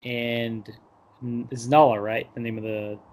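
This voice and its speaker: A man's voice: medium pitch, little pitch movement, unhurried, darkish tone. Man rambling through a casual movie recap. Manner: loose, rambling recap full of "like" and mock quotes. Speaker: podcast host. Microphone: podcast microphone.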